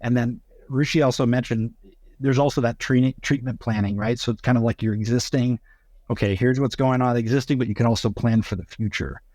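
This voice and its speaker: A man's voice: medium pitch, steady tone, a little fast, a little mellow, dry recording, studio quality. A man as a podcast guest, explaining his company's product in an upbeat, plain-spoken way. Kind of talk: casual podcast interview.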